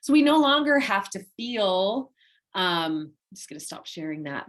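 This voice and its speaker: A woman's voice: medium pitch, very animated, measured pace. Gushing, emotional woman coach. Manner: openly emotional and affectionate; gushing, enthusiastic. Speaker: wellness coach leading a master class. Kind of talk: heartfelt direct-to-viewer talk.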